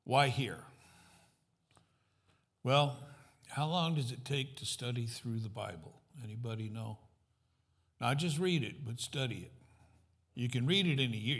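A man as guest pastor giving a sermon in a church, conversational, putting questions to the congregation, with light self-deprecating humor. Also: medium pitch. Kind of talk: sermon with a joke opener.

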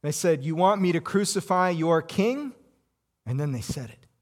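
An actor playing an anxious Roman governor in a dramatic first-person monologue, intense and full of rhetorical questions. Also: male voice, fairly high pitch, lively intonation, normal speed, close to an everyday voice. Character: anxious Roman governor, a cornered middle-aged man.

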